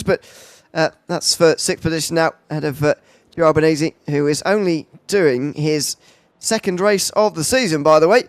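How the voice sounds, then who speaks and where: A man's voice: on the high side, moderate pace, dry recording. A man commentating a sim race live, calling overtakes with frequent uhs and restarts. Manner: filler-heavy play-by-play with frequent uhs.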